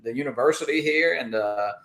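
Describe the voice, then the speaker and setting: A man's voice: mid-range voice, fairly quick, a bit bright, echoey room. A man hosting a casual livestream chat, rambling through announcements with many fillers. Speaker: host.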